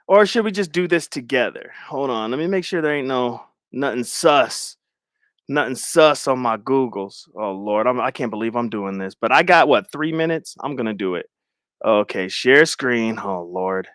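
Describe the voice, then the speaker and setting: A man's voice: medium pitch, expressive, moderate pace, a bit bright, clear, resonant tone, no echo. A man hosting a live stream in casual chat, rambling and self-mocking, often repeating his phrases. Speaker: livestream host.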